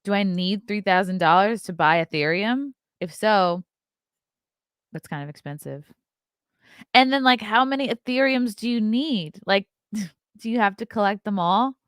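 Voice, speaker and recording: A woman's voice: medium pitch, measured pace, smooth, dry recording, clean studio sound. A woman, hosting a casual live stream, chatty and profane as she reads out the chat. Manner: blunt, profane, chatty, laughs often. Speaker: podcast host reading live chat.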